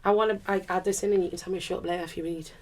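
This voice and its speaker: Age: adult. Sex: woman. Role: panelist. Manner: candid, lively storyteller. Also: on the low side, rapid-fire. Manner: lively storytelling with laughs and acted quotes. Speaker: panelist, turntablist.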